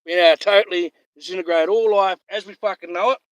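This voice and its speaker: A man's voice: high voice, steady tone, fast talker, no echo. A man ranting heatedly on a livestream, swearing constantly and repeating himself. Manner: profane, heated, repetitive.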